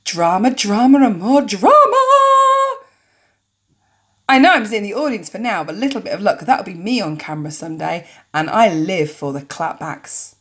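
A woman voicing a sassy young female fan who is hungry for fame, speaking in a put-on Southern US accent with loud, showy confidence. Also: lowish voice, lively intonation, fairly quick, hardly any pauses.

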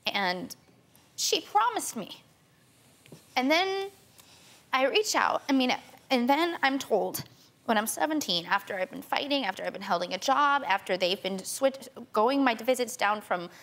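A young woman in her twenties gives emotional testimony as a talk show guest, rushed and tearful, restarting often as she urgently tells her story. Her voice is on the high side, expressive and a bit bright.

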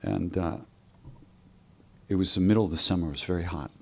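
A man telling a spiritual story at a live workshop in a relaxed, conversational way, acting out the voices of the people in it. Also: low voice, a little fast.

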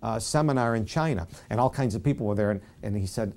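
A man preaching a Bible-study sermon as pastor, conversational and self-deprecating, softly acting out quoted speech. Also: lowish voice, fast, few pauses, a little hiss or hum.

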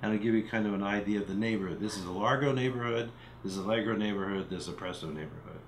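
A man's voice: fairly low pitch, racing, echoey room, a little hiss or hum, poor audio. A man teaching a recorded music literacy lesson from home, explaining symbols and chanting rhythm syllables as he counts. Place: home room.

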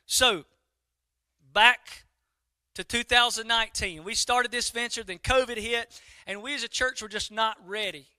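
A man's voice: extremely high pitch, a little slow, clean tone, no echo. A middle-aged man, a pastor preaching a sermon and telling a story to his congregation. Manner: animated storytelling, talks to the congregation directly.

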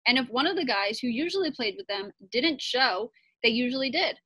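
Woman teacher, slightly high voice, friendly expressive read-aloud for kids. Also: fairly quick, no room sound. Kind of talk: reading a picture book aloud.

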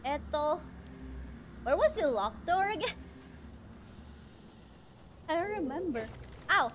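A woman's voice: sits high, sing-song, takes it slowly, pauses often, fairly bright tone, a little hiss or hum. A woman streaming a video game live, talking to herself playfully with mock-outraged exclamations. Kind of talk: live gameplay commentary.

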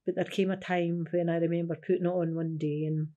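A Scottish woman in her sixties speaks in an interview with a low, mellow voice. She tells her story earnestly and keeps slipping into "I says" as she recounts what was said. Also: little pitch movement, a little fast, highs cut off. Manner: earnest, repeats "I says", acts out remembered dialogue. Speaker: interviewee, carer's widow.

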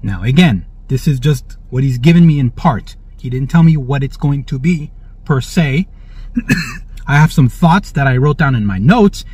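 A mid-range, darkish, slightly rough male voice with lively intonation moves at a measured pace through prophetic religious commentary. He reads the news aloud, cheering with interjected praise and checking in via frequent "all right?" The recording is dry, dull lo-fi.

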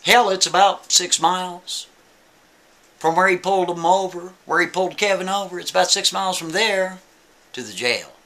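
A man's voice: high voice, normal speed, sharp tone. A man telling a story in a folksy, conversational way, often checking in with the listener. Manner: folksy, conversational, keeps asking "right?". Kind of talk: casual spoken storytelling.

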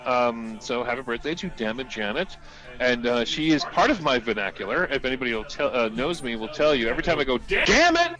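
A man's voice: medium pitch, fairly quick, a bit bright, soft background music. A man co-hosting a casual live stream, joking loosely and laughing often as he presents product deals.

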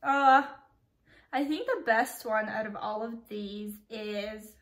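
A young woman with a stuffy nose, gushing excitedly in a casual reaction vlog and saying "like" a lot. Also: on the high side, slow pace. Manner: gushing and excitable, with lots of "like" and "freaking". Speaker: book vlogger.

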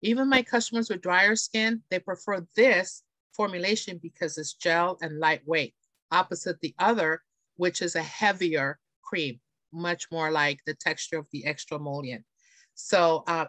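A woman's voice: fairly low pitch, pushed and bright, no echo. A woman presenting beauty products in a chatty, enthusiastic way, often checking in with her audience. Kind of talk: live product demonstration. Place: home, on camera.

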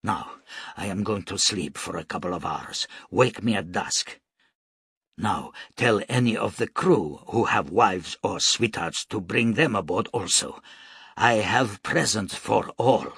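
A man voicing a calm, decisive royal leader in an audiobook reading, terse and commanding. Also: lowish voice, unhurried, vocal fry, husky, dry recording, studio quality, heavily acted.

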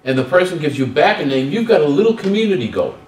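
A man's voice: on the high side, fast talker. A man giving a humorous workshop talk on student service, acting out little dialogues as he goes. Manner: animated, acts out dialogues with humor. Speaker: guest speaker on student service. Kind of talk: workshop presentation. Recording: roomy hall, distant mic.

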